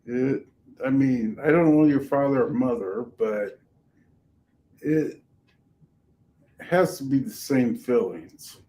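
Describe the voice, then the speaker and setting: A man co-hosting a casual podcast, speaking in a slow, reflective, soft-spoken way. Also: mid-range voice. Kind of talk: casual chat.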